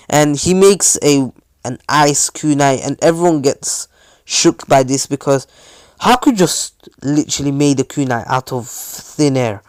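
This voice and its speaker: A man's voice: mid-range voice, measured pace, clean tone, no room sound. Rambling man telling a fan story. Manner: rambling, many fillers and restarts. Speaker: channel host, storyteller. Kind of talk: improvised fan story narration.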